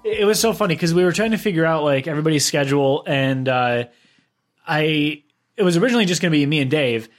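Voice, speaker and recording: A man's voice: a little high, fast, faint music behind. A man hosting a casual podcast chat, laughing often and rambling, sharing one mic with his co-hosts. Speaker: podcast host. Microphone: shared microphone, leaning away at times.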